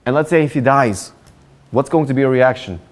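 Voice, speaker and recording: A man's voice: medium pitch, a little fast, close to an everyday voice. A man voicing a clever woman who sweet-talks a burglar, in a storytelling sermon. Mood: coaxing. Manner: sweet-talking, coaxing.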